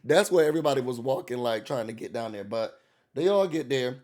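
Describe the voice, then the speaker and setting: A man's voice: mid-range voice, animated, brisk, darkish tone. A man hosting a casual, gossipy recap rant, acting out quoted voices. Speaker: YouTube recap host.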